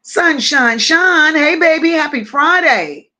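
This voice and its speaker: A woman hosts a relaxed livestream chat, calling out viewers one by one with easy affection. Her voice sits a little high and her delivery is leisurely and drawn out. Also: slow. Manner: affectionate, greets viewers one by one and reads their comments aloud. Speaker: livestream host.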